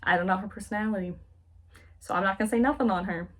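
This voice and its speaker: A woman voicing a calm young man who speaks in a level, blunt, matter-of-fact way. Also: medium pitch, fast talker, lightly acted. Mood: firm.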